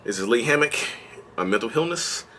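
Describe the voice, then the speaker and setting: A man voicing a drained, low-energy male vlogger who mumbles in a flat, dragging way. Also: brisk, a little hiss or hum, lightly acted. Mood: sluggish.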